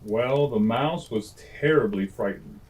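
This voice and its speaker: A man reading classic children's stories aloud at bedtime, gentle and homely, with chatty asides. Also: medium pitch, measured pace, low-quality recording. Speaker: storyteller. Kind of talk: bedtime story read-aloud.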